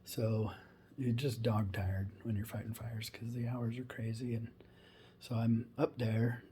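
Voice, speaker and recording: A man's voice: mid-range voice, little pitch movement, a little slow, warm tone. A former wildland firefighter, a man, tells a funny story in a laid-back, rambling way with many asides. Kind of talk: casual humorous storytelling.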